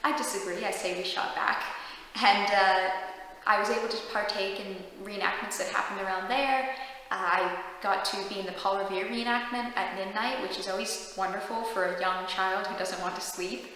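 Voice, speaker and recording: A young woman speaks in a bright, ringing voice, chatty and eager, dotting her answers with fillers. Her voice bounces around a very reverberant hall. A faint hiss sits underneath. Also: medium pitch, steady tone, normal speed. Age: young adult. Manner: chatty and enthusiastic, with frequent fillers. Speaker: historical reenactor guest. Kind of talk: casual interview answers. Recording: very echoey room with long reverb and faint noise.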